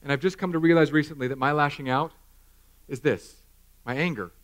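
A man in his thirties preaching a sermon in a church, animated and self-mocking, acting out little scenes. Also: fairly high pitch, fairly quick. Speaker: pastor. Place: church hall.

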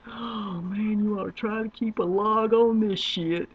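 A woman rambling to her webcam, drawling and swinging from low mutters to loud squeals. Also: fairly even intonation, unhurried, breathy edge. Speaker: webcam vlogger. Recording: dull lo-fi webcam audio.

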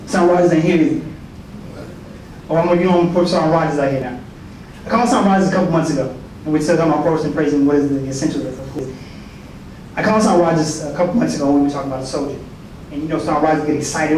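A man's voice: fairly high pitch, fast, crowd noise. A man giving a folksy, preacherly talk at a prayer breakfast, joking with the audience and acting out quoted voices. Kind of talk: sermon. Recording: echoey hall from far off, faint noise.

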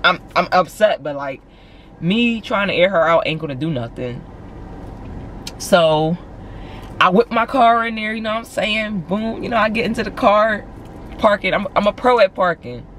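A woman's voice: mid-range voice, normal speed, a little hiss or hum. Chatty young Philadelphia woman vlogging. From Philadelphia, USA. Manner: animated, chatty, heavy use of "like". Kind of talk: casual vlog storytelling.

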